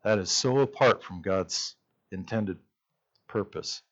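A man's voice: lowish voice, takes it slowly, fairly bright tone, muffled recording. A male pastor preaching a sermon, retelling scripture as a story and acting out its voices.

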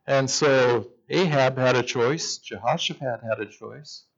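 A man's voice: mid-range voice, a little slow, creaky, dull audio. A male pastor preaching a sermon, retelling scripture as a story and acting out its voices.

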